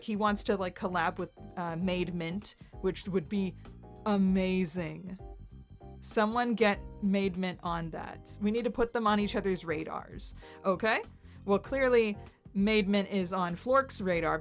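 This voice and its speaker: Giggly rambling woman in her thirties. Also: mid-range voice. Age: 30s. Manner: giggly and self-deprecating, heavy use of "like"; animated, voices others in quoted asides. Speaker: channel host. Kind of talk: rambling casual storytelling.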